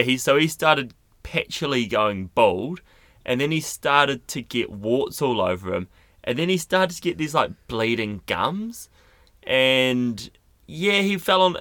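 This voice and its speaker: A man's voice: medium pitch, sharp tone, no echo. A young man co-hosting a podcast from a studio, chatting casually with playful, teasing banter. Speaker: podcast co-host. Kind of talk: casual chat. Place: recording studio.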